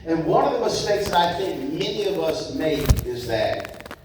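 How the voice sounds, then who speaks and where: A man speaking to a conference audience, telling stories slowly and stressing key points, recorded from afar in a large hall. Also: on the high side, sing-song, a little mellow, slight background noise. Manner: slow, emphatic, repeats key points. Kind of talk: storytelling talk to an audience. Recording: echoey hall from far off, faint ambience.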